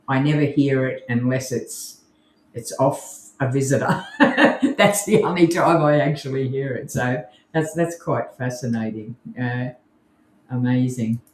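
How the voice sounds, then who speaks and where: Aussie woman cohosting a podcast, low voice, slow and rambly, echoey room. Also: a little mellow, slight background noise. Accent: Australian. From Australia. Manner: chatty, rambling, laughs often. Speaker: co-host. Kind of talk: casual podcast chat.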